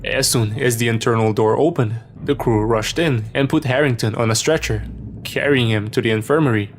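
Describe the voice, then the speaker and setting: A man reading a scripted first-person horror story as narrator, in a steady storytelling manner. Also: mid-range voice, fairly quick, slight background noise.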